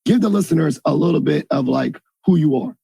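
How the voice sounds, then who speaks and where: A man's voice: fairly high pitch, brisk, vocal fry, mellow, slightly rough, dry recording. A man hosting a podcast, chatting loosely and joking as he introduces his guest. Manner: chatty, jokey, loose and rambling. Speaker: podcast host. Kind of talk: casual interview chat.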